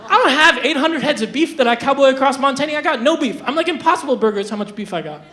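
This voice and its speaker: A young stand-up comic with a high voice tells absurd jokes in a flat, deadpan way. The delivery stumbles through restarts and little fillers. The sound carries the roomy echo of a live venue. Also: quick pace. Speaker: stand-up comedian. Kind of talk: stand-up comedy set. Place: live comedy venue stage.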